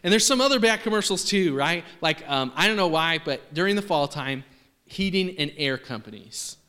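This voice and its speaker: Bright guy preaching, chatty and jokey, lots of ums, big echoey church hall. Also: a little high, lively intonation, moderate pace, clean tone. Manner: casual, joking, many fillers. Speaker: pastor. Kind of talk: sermon. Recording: long reverb of a large hall.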